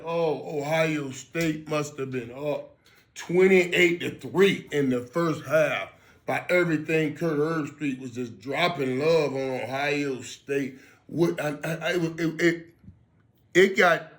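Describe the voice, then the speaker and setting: A man's voice: a little high, fairly bright tone. A man giving casual reaction commentary on his own channel, emphatic and repetitive, often restarting his words and talking straight to his viewers.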